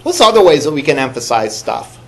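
A man's voice: fairly high pitch, sing-song, brisk, a bit bright. A male college instructor giving a classroom lecture in a conversational way, asking the class questions and repeating the students' answers.

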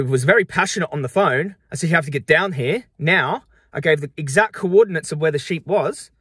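A man's voice: high-pitched, fairly bright tone, dry recording, clean studio sound. A young man vlogging to camera, upset and frustrated, talking in emphatic, defensive bursts and repeating himself.

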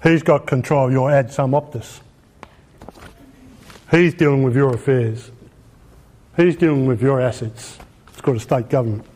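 A man's voice: mid-range voice, moderate pace, long pauses, a little mellow. An Australian man giving an informal lecture in a colloquial, emphatic way, often asking rhetorical questions. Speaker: presenter.

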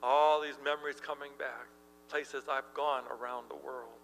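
A middle-aged male pastor preaching a sermon, telling stories in an animated way and laughing as he tells them. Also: mid-range voice, moderate pace, gravelly, in a large hall, a little hiss or hum, low-quality recording. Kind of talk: sermon with storytelling. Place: church.

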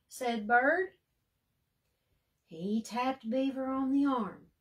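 A woman librarian reading a bedtime storybook aloud, gently and expressively, often sinking to a soft hush. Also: high voice, takes it slowly, long pauses. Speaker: children's librarian.

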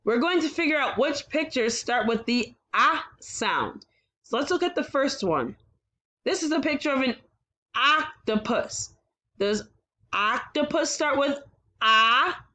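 A woman teaching a phonics lesson to young children, sounding out letters slowly and praising them often. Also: high-pitched, expressive, bright, forceful tone. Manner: slow, encouraging, sounds out letters. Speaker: kindergarten teacher.

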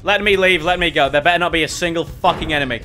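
Bright high-voiced man yelling. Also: fast, faint music behind. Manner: exasperated, swears constantly, yells at enemies. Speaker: streamer. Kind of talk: gaming commentary.

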